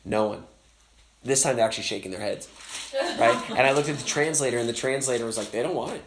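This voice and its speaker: A man preaching at a camp as pastor, telling his story in a casual and animated way, acting out the voices of the people in it with many fillers. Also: mid-range voice, fast, roomy sound, background noise. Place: speaking at a camp.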